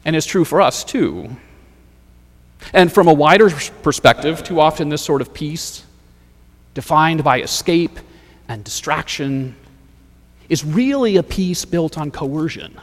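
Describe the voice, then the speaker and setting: A man preaching a sermon as pastor, measured and rhetorical, building points through repeated phrases. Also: fairly high pitch, lively intonation, long reverb tail.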